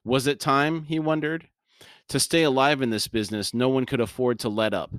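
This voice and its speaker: A man's voice: medium pitch, fairly even intonation, moderate pace, fairly bright tone, clean tone, no echo, clean studio sound. A man co-hosting a podcast who reads a novel aloud and breaks off into casual commentary. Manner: reads narration, then breaks off into chatty asides. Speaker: podcast co-host and reader.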